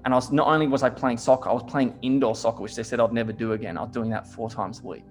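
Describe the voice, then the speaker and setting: A man's voice: mid-range voice, rapid-fire, faint music behind. Swearing man, casual chat. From Australia. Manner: swears a lot, heavy use of "like", animated storytelling.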